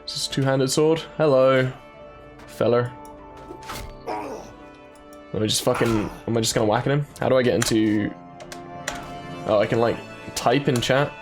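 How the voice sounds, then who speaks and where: A man's voice: mid-range voice, measured pace, long pauses. Chatty man over game music. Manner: chatty, jokey, reads game text aloud. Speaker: gaming YouTuber. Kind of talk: casual let's-play commentary. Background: game soundtrack music.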